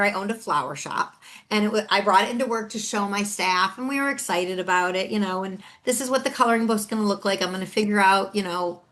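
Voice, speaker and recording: A middle-aged woman, a podcast host and author, telling a story in a chatty, animated way and acting out the other people's lines. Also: mid-range voice. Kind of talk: solo storytelling chat.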